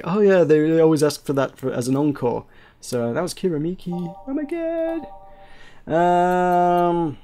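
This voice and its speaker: A man's voice: fairly high pitch, a little mellow. A man giving casual, rambling let's play commentary, hesitating often and correcting himself as he goes.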